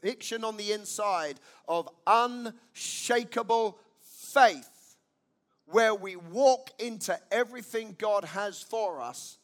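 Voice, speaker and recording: A man's voice: high-pitched, takes it slowly, fairly bright tone. A man preaching a sermon as pastor, emphatic, repeating key lines and asking his listeners questions.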